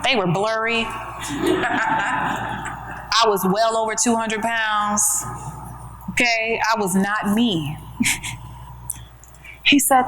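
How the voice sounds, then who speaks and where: A woman's voice: on the high side, very slow, long pauses, a bit bright, low-quality recording. A woman giving a motivational keynote talk at a conference, speaking in an emphatic, conversational preaching style with rhetorical questions. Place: conference room with an audience.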